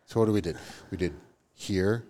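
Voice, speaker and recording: A man's voice: low-pitched, moderate pace, dark tone. A man co-hosting a live podcast, talking earnestly and with emphasis, often asking "right?". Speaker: podcast co-host, theology teacher. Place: live event before an audience.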